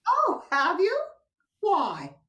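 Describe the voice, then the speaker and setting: A woman's voice: very high voice, wildly swooping pitch, very slow, sharp tone, heavily acted. An older woman playing a coy, soothing wife on a video call, sometimes dropping to a whisper. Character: coy, teasing unfaithful wife, middle-aged. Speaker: stage actor. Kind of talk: stage play reading over video call. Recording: voice a little far from the mic.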